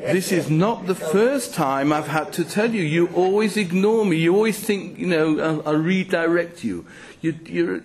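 A man's voice: medium pitch, expressive, normal speed, crowd noise, lightly acted. A man voicing a car navigation device that scolds and complains at the driver. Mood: nagging.

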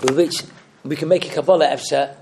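Gravelly man giving a sermon. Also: fairly high pitch, brisk, background noise. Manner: rhetorical questions, expressive storytelling. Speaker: rabbi giving a talk.

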